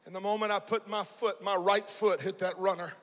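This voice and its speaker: Pastor guy preaching hard, high bright voice, sings out his lines, echo from a big church hall. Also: steady tone, brisk. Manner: impassioned preaching, shouting and chanting in bursts. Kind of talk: sermon. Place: large church sanctuary. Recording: church hall with long reverb.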